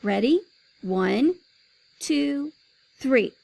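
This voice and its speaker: A woman reading aloud as a fretful storybook mom, coaxing one moment and firm the next, her voice lively and gravelly. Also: sits high, extremely slow, heavily acted, poor audio. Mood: fussy. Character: fussy, fretful mother of two boys.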